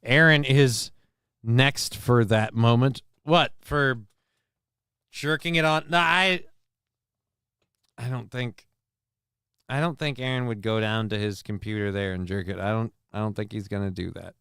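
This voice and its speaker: Rambling livestream host, smooth dry voice. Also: male voice, mid-range voice, unhurried, long pauses, no echo. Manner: rambling, crude jokes, many fillers and restarts; gets loud and excited over news figures. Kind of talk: casual livestream commentary reading chat.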